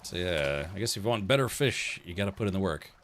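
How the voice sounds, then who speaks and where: A man's voice: low-pitched, expressive, fast, fairly bright tone, slight background noise. A man hosting a let's play stream, chatty and easily distracted while he plays. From United States. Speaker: streamer host.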